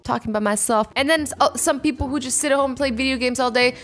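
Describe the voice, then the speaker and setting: A bubbly young woman in her twenties chatting through a casual reaction vlog from home, acting out little scenes as she goes. Her voice sits fairly high, and soft music plays faintly behind her. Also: fast talker. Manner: bubbly and animated, acts out little quoted scenarios. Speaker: YouTuber reacting to invention ideas.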